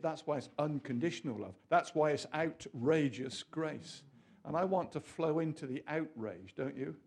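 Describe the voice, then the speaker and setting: A man preaching a sermon in an animated, rambling way, full of asides and questions to the audience. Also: medium pitch, vocal fry, husky.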